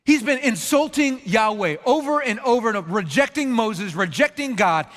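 Earnest pastor giving a sermon, a man with a high voice, in a reverberant hall. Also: moderate pace, soft background music. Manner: earnest, animated storytelling, acts out quotes.

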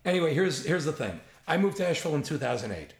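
A man's voice: a little high, very fast. A man in his sixties with a New York accent, a writer telling long anecdotes in an interview. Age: 60s. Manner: animated anecdotal storyteller, gravelly. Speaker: guest, writer. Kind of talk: storytelling interview. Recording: roomy echo.

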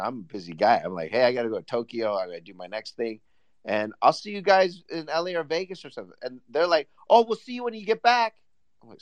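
A man's voice: fairly high pitch, no room sound, highs cut off. A man hosting a casual chat, telling a story with lots of laughter. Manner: animated storyteller, laughs often.

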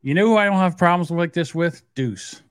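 A man's voice: sits high, fast, clear, resonant tone, no room sound, studio quality. A man co-hosting a casual podcast who rambles and banters with many fillers. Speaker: podcast co-host.

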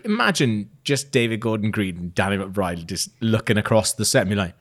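A man with a Welsh accent co-hosting a casual film podcast, excitable, laughing often and swearing casually. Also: fairly low pitch, a little fast. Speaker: podcast co-host.

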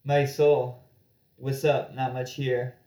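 A man's voice: mid-range voice, takes it slowly. A man co-hosting a podcast, chatting casually and joking, with a mid-range voice. His talk is loose and full of fillers, and the room is echoey. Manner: relaxed, joking, with many fillers. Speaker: podcast co-host.

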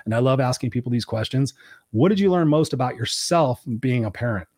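Male podcast host, 40s, rapid motivational storyteller, dry close sound. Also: mid-range voice, animated, darkish tone, no room sound. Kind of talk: casual interview conversation.

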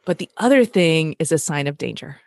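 Gravelly-voiced woman explaining calmly. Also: low-pitched, no echo, clean studio sound. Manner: explanatory, repeats key points slowly for emphasis. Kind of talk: conversational teaching about relationships.

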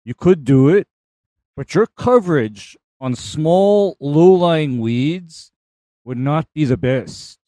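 A man co-hosting a call-in show, walking listeners through spraying methods in a measured way. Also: on the high side, expressive, mellow, no room sound. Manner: measured, explains methods step by step. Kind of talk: casual technical talk.

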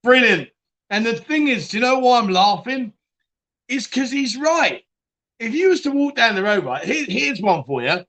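A man's voice: very high-pitched, very animated, moderate pace, fairly bright tone. A man hosting a casual live chat stream, reading viewer comments aloud and laughing often. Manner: chatty, laughs often, trails off and restarts.

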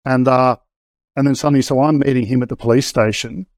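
A middle-aged man, a guest in an interview, tells his story candidly and casually, hesitating and restarting often. His mid-range voice has a darkish tone and fairly even intonation, and he talks a little fast. There's no echo on the recording.

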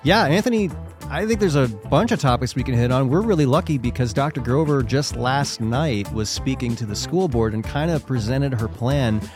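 A man opens a podcast episode in an upbeat way, introducing the guest. His pitch sits mid-range. Music plays clearly behind his voice. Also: expressive, moderate pace. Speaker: podcast co-host.

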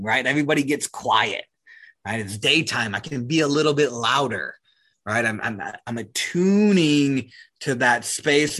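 A man from New Zealand with a New Zealand accent, talking casually as an interview guest, full of "like" and "right?" and quick to laugh. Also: mid-range voice, fairly bright tone. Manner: casual, heavy use of "like" and "right?", laughs easily. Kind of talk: reflective conversational interview.

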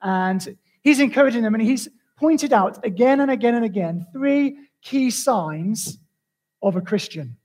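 A man preaching a sermon as pastor, telling a story in a lively, conversational way. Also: extremely high pitch, unhurried, poor audio.

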